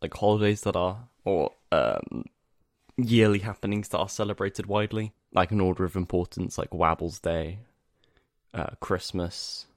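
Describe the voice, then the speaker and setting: A man's voice: sits low, moderate pace, no room sound, studio quality. A young man co-hosting a podcast, rambling in casual chat with lots of fillers and easy laughs. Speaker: podcast co-host.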